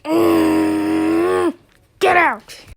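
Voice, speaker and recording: Kobieta grająca wściekłą, przeklinającą nauczycielkę. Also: female voice, sits high, unhurried. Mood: raging. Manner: yelling, swearing, threatening.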